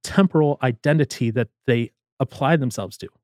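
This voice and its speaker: A man's voice: medium pitch, moderate pace, no echo, clean studio sound. A man in casual chat, retelling a comedy scene and acting out the characters' lines. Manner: animated storyteller, acts out quoted lines.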